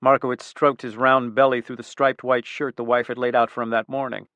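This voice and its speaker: A man's voice: mid-range voice, level tone, a little fast, a bit bright, no room sound. Man narrating a thriller, dry close voice. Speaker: audiobook narrator. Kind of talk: scripted narration.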